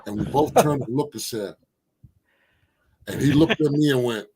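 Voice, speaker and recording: Older philly guy telling hoops stories, lively, voices the quotes, mid pitch. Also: normal speed, slightly rough. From Philadelphia, USA. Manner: animated storyteller who acts out quotes. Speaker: former basketball player, guest. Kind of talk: casual storytelling interview.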